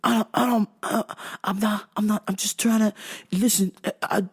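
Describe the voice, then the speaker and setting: A woman's voice: mid-range voice, steady tone, moderate pace, breathy edge, pitched above the performer's own voice. Woman doing a pleading buff young guy. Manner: pleading, repeats babe.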